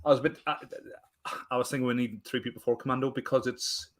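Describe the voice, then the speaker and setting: A man's voice: medium pitch, fairly even intonation, fast. A man co-hosting a podcast, chatting casually in a rambling way and laughing often. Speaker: podcast co-host. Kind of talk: casual chat.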